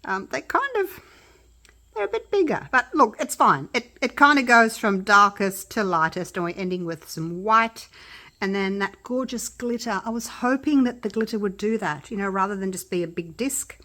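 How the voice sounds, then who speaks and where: A woman vlogging from her home craft studio, chatting excitedly and talking straight to her viewers. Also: medium pitch, moderate pace. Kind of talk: casual vlog narration.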